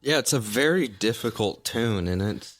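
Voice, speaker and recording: A man's voice: on the low side, expressive, normal speed. A man talking as a band member guest, easygoing as he explains how the band plays.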